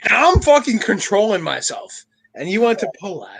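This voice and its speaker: Brief: high, lively male co-host, young adult, swears constantly, rowdy storyteller. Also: normal speed, gravelly, over a noisy crowd. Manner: profane, animated storyteller, laughs often. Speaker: podcast co-host. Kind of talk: casual crude banter.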